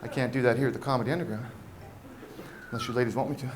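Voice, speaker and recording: A man doing a stand-up comedy set on a club stage, talking animatedly and jumping into loud character voices. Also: mid-range voice, steady tone, very fast, very noisy. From Washington State, US. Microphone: handheld stage mic.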